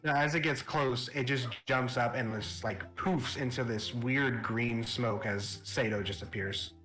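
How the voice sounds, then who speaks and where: Male game master, laid-back narrator; bright tone over faint background music. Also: medium pitch, steady tone, measured pace.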